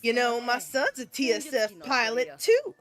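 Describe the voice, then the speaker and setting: A woman plays a chatty, motherly cafeteria lady in a visual novel read-aloud, drawling slowly in a homely, folksy way. Her voice sits a little high and takes its time. Soft music plays faintly behind. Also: very animated.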